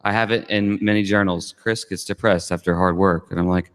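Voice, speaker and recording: A man's voice: low-pitched, fairly even intonation, brisk. A man at a cafe open mic reading an earnest, confessional spoken word piece. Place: cafe performance space. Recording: hall reverb from live venue.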